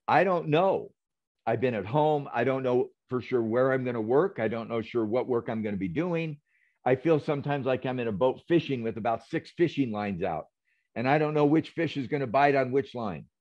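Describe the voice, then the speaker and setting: An earnest, reflective man talks as a guest on an interview, telling a story and speaking with quiet conviction. His voice sits at a middle pitch. It comes over a video call, and the audio is dull and lo-fi. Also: normal speed. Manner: earnest, reflective, tells stories with quoted dialogue. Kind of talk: interview conversation.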